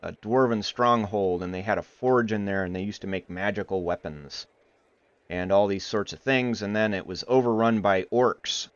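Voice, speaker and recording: A man's voice: fairly low pitch, moderate pace, dry recording. A man from Iowa narrating as game master, rambling with lots of fillers and slipping into playful character voices. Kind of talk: narrating a tabletop game livestream. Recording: muffled livestream audio with faint music.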